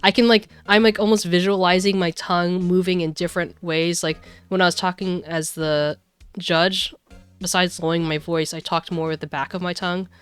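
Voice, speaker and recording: Smooth-voiced woman streamer chatting casually. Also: on the low side, fairly even intonation, normal speed, soft background music. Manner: chatty, rambling, many fillers. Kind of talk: casual chat while playing a game.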